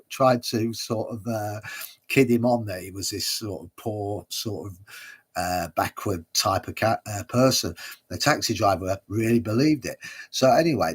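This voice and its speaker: A man chats through a watch-along stream in a low, husky voice. He rambles casually and hesitates often with uhs and little chuckles. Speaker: watch-along livestream host. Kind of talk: casual commentary.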